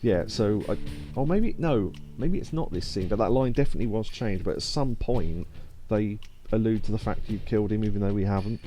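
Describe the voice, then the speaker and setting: A man's voice: fairly low pitch, moderate pace, mellow, faint music behind. A man streaming a video game, chatting casually and explaining trivia with plenty of fillers.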